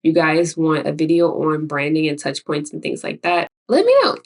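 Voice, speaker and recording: A woman's voice: low-pitched, little pitch movement, normal speed, distant mic. A woman from Chicago with a Chicago accent, an artist and graphic designer giving casual, rambling tips in a vlog. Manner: chatty, rambling, self-interrupting with laughs.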